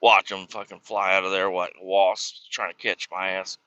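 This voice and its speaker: A low-pitched man in his thirties speaks at normal speed with a flat delivery and a pushed, bright, smooth tone, and there's no echo. He rambles through casual chat and profane stories while streaming a trucking game, staying laid-back. His dry mic is slightly muffled.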